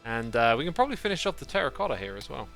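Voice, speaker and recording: Male streamer, bright tone, chatty and rambling as he plays, faint music under the voice. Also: mid-range voice, very animated, racing, gravelly. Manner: rambling, thinks aloud, thanks chat. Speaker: game streamer. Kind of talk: casual livestream commentary while playing.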